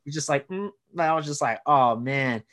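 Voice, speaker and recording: A young man with a slightly high voice, telling a story to a friend. He rambles loosely, filling the gaps with "like" and playing out what people said. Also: lively intonation, moderate pace, fairly bright tone. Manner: rambling storytelling full of "like" and acted-out quotes. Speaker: comedian podcast co-host. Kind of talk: casual chat.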